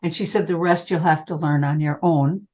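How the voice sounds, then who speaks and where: A woman's voice: deep voice, normal speed. An older woman, a psychic medium, telling a personal story in an interview and calling the listener honey. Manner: animated, calls the listener honey. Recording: dull lo-fi sound.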